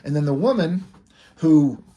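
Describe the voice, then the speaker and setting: A man's voice: fairly high pitch, expressive, a little slow, warm tone, lo-fi sound, a little hiss or hum. A man casually recapping the story of his own fan comic in a rambling, loose way.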